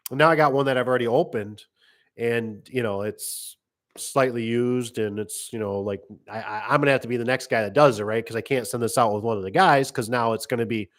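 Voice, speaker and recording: A man's voice: mid-range voice, brisk. Rambling middle-aged man telling job stories. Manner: rambling, acts out customer voices. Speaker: garage door business owner. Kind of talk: casual storytelling monologue.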